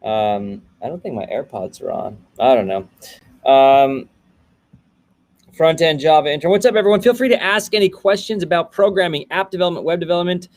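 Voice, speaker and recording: A man's voice: on the high side, fairly quick, darkish tone. Casual male host, 30s, running a coding livestream and greeting viewers by name.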